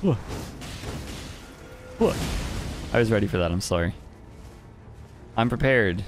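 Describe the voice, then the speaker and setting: Playful low-voiced man commenting on gameplay. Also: sing-song, measured pace, pauses often, soft background music. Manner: playful, teasing, chuckles often. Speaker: streamer playing an online game.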